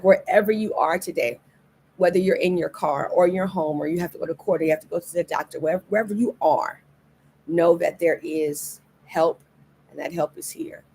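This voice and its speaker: Low-voiced woman preaching earnestly. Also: slight background noise. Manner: earnest, repeats key phrases for emphasis. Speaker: pastor. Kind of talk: livestreamed devotional sermon. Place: indoors, recorded for a livestream.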